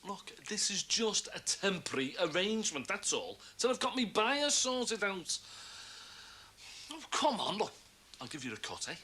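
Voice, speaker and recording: A man's voice: high voice, sing-song, normal speed, sharp tone, breathy edge, exaggerated voice. An actor playing a cocky, wisecracking man from in a TV soap, who turns to menacing hisses. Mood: coaxing. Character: cocky chancer man selling stolen goods. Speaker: wheeler-dealer mate. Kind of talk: TV soap acting. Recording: faint hiss on a TV soundtrack.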